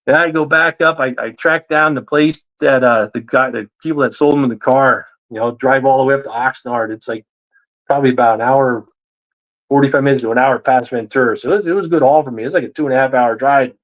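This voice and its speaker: A man telling a story in a casual interview, animated and acting out the voices of the people he quotes. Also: mid-range voice, fast talker, dull audio. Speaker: guest.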